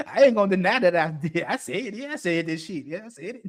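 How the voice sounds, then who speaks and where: A man's voice: high-pitched, sing-song, quick pace, few pauses. A man hosting an unscripted monologue, blunt and profane, laughing often as he talks. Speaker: podcast host.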